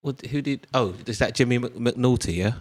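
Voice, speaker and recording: A man's voice: mid-range voice, normal speed. A man in casual podcast chat, rambling and swearing, with many ums. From Britain.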